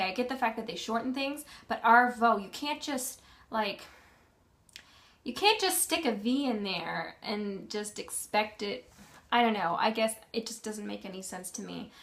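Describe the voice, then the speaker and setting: A woman's voice: mid-range voice, fairly bright tone. A young woman vlogging in a casual, rambling way, full of ums and self-corrections. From Canada. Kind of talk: casual chat.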